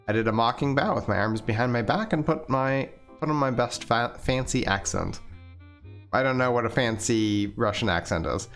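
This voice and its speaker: A man narrating a dating game as a let's-play, relaxed, with asides and small slips. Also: medium pitch, brisk, soft background music. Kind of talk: reading a visual novel aloud.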